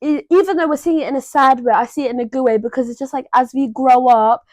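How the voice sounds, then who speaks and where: Chatty teenage girl, fairly high voice. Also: fast talker, dry recording, clean studio sound. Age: teens. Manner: chatty, animated, frequent "like" fillers. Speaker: podcast co-host. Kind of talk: casual chat.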